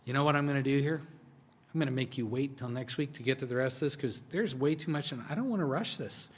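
A male pastor delivering a sermon at a medium pitch, talking to his congregation like a friend. He drops to hushed, slow phrases, then pushes out excited lines. His voice rings with the long reverb of a large church sanctuary. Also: husky. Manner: conversational preaching, swings between hushed and emphatic.

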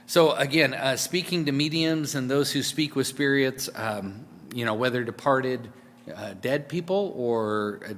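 A man's voice: mid-range voice, a bit bright. Man preaching in a reverberant church. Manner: conversational preaching with fillers and repeated words. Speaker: pastor. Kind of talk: sermon.

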